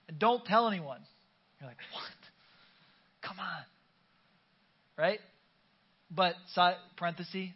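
A man's voice: a little high, highs cut off. A pastor preaching a conversational sermon to his congregation, urging them to call back their response. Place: church sanctuary.

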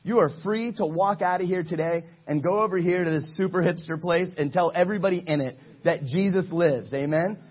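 Husky preaching man, urging his church. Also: sits high, brisk, hardly any pauses, lo-fi sound. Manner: energetic, exhorting the congregation, calls for responses. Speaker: pastor. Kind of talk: sermon. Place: church sanctuary.

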